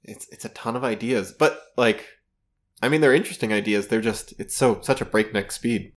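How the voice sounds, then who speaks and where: A man's voice: on the low side, normal speed. A man co-hosting a casual podcast, rambling through his thoughts with many fillers and restarts. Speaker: podcast co-host discussing comics. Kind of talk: casual chat.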